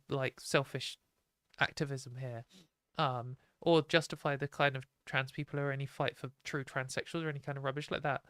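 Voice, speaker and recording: A British woman hosting a live stream, talking bluntly and opinionatedly in a casual ranting way, her voice a little hoarse. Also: low voice, a bit bright, no room sound, clean studio sound. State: hoarse from a fading voice.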